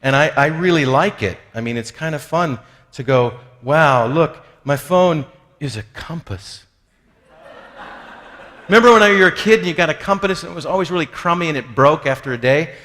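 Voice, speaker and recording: Fast and expressive, this man's slightly high, somewhat bright voice carries a humorous, conversational talk on spiritual life. He jokes about himself and acts out what others said. The sound has the long reverb of a large hall.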